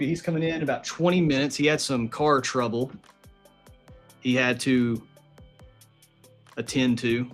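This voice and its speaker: A man's voice: mid-range voice, a little slow, long pauses. A man hosting a live trading stream from a home setup, talking in a loose, slangy, easygoing way. His voice sits in an ordinary middle register, and faint music plays underneath. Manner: relaxed, slangy, talks to his dog and chat readers. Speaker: day trading show host. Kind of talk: casual live-stream chat.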